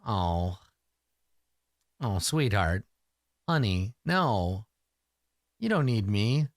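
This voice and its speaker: A man's voice: on the high side, huge pitch swings, takes it slowly, fairly bright tone, no echo, clean studio sound, voice pushed up, heavily acted. A man voicing his own cocky, aloof elf adventurer with a sarcastic, nonchalant drawl. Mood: condescending.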